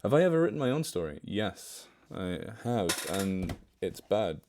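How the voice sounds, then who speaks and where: A man's voice: sits low, very animated, measured pace, noisy background. A young man hosting a livestream, chatting casually with viewers, joking about himself and answering their questions. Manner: chatty, self-mocking, answers chat questions. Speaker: livestream host.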